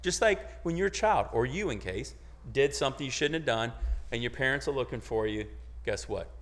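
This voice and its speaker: A man preaching a sermon as pastor, talking conversationally with rhetorical questions and restarts, dropping to quiet asides and rising to loud exclamations. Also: medium pitch, animated, brisk, long reverb tail.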